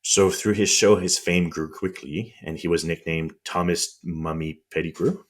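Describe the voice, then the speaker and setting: A man's voice: low voice, steady tone, normal speed. A man with a French accent, a podcast co-host explaining history in casual chat, with frequent ums and restarts on tricky words.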